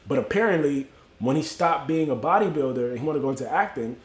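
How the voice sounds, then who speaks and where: A man's voice: a little high, animated, fast, echoey room. A man from Miami hosting a livestream, telling a motivational story in loose, slangy street talk and greeting viewers by name. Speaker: livestream host.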